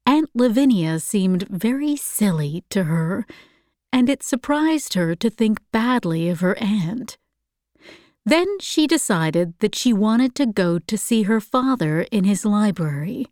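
A woman narrating a novel in a calm, measured audiobook reading. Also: medium pitch, no room sound, studio quality.

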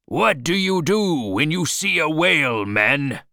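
A man voicing a wild, obsessed old sea captain who shouts his orders slowly and fervently, in a storybook reading. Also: fairly low pitch, huge pitch swings, creaky, no room sound, studio quality, exaggerated voice. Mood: commanding.

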